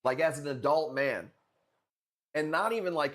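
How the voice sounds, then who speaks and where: A young man's slightly high, somewhat bright voice moves at a moderate pace as he hosts a coral auction livestream. He chats casually, rambling and cracking crude jokes with the audience.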